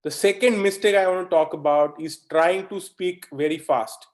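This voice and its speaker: A man from India teaching a live online lecture in a conversational way, often checking in with "okay?" and asking the audience questions. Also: sits high. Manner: animated, mimics fast talkers in asides. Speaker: webinar instructor.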